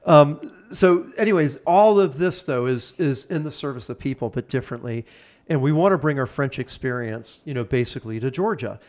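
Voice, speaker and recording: Male podcast guest, excitable big-ideas talker, middle pitch. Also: a little fast. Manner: enthusiastic, rambling, piles up plans. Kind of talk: casual chat.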